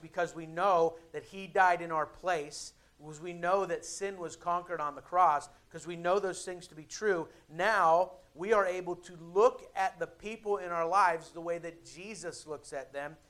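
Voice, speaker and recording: A young adult male pastor preaching a sermon in a conversational way, with dramatic pauses and emphatic builds. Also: sits high, steady tone, fairly bright tone.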